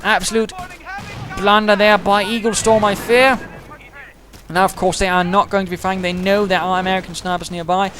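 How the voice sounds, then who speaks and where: Fast-talking male game commentator. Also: high-pitched, flat delivery, fairly bright tone. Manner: fast, chatty, dryly humorous, British turns of phrase.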